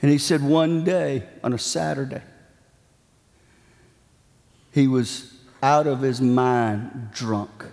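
A man's voice: medium pitch, steady tone, takes it slowly, vocal fry, a little mellow. A man delivers a sermon, building his points through dramatic, repeated phrases and a storyteller's pacing. His voice rings out with a long reverb, as if it fills a large hall. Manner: dramatic, emphatic preaching cadence with repetitions. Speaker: preacher.

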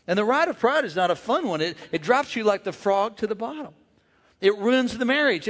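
A male pastor delivers an animated sermon, urging the crowd to shout back. His voice sits high and swings widely in pitch. It rings with the long echo of a large hall. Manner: animated, call-and-response, acts out voices. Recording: echoey hall.

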